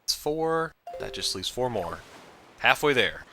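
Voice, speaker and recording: A man's voice: mid-range voice, sing-song, measured pace, noisy background. A man hosting a let's play, rambling through chatty, goofy, self-mocking commentary as he plays. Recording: game music playing behind.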